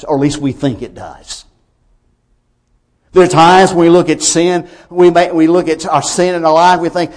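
A man preaching a sermon, emphatic, with swings from quiet lines to loud ones. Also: a little high.

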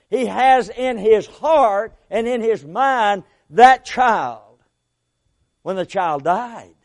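A man preaching a sermon, emphatic, swinging from loud to quiet, with folksy asides and repeated phrases. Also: high-pitched.

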